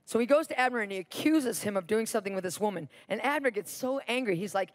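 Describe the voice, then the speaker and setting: Woman, preacher, sermon storytelling, fairly high voice, emphatic repetition. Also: fast talker, hardly any pauses. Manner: animated Bible storytelling with repetition.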